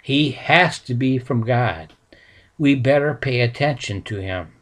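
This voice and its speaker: A man voicing a thoughtful council elder who speaks gravely and slowly. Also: mid-range voice, expressive, fairly bright tone.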